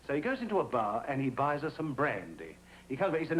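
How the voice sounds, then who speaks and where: A man's voice: on the high side, wildly swooping pitch, poor audio. A man delivering a jaunty stand-up monologue on an old TV show. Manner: brisk, jaunty joke-telling. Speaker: stand-up comedian. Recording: old TV audio with faint hiss.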